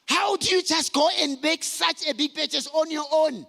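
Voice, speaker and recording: A middle-aged man speaks to a conference hall in a high, gravelly voice. He tells his stories with lively swings in pitch and bursts of shouting. Long hall reverb hangs on every word. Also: normal speed. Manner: animated storytelling, shouting for emphasis. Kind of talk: motivational talk to men.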